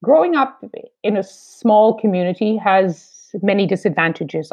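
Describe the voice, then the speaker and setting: A woman in her fifties from eastern Canada, a foreign correspondent with a Canadian accent, speaking in a measured, wry, reflective way in an interview. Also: medium pitch, darkish tone. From New Brunswick, Canada. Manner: measured, wry, deliberate phrasing. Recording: slightly dull lo-fi sound.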